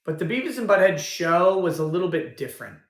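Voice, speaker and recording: A man's voice: sits high, big pitch swings, quick pace. Rambling man on a roomy livestream. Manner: rambling, thinks aloud with restarts. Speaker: livestream host. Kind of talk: casual livestream chat. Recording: roomy echo.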